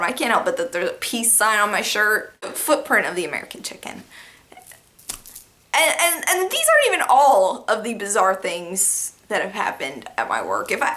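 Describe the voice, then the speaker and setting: A young woman telling funny workplace stories straight to the camera in a casual vlog, animated and quick to laugh, with lots of "like" fillers. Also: medium pitch.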